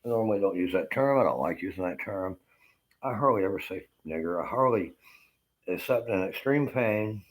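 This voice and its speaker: A man in pain giving a profane, rambling, bitter rant to the camera. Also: sits low. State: in pain, feeling unwell.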